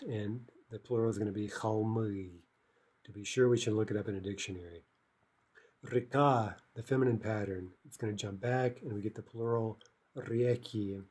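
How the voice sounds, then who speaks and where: A man's voice: medium pitch, darkish tone, breathy edge. A man teaching a recorded language lesson, explaining step by step and checking in with "right?" and "okay" as he goes.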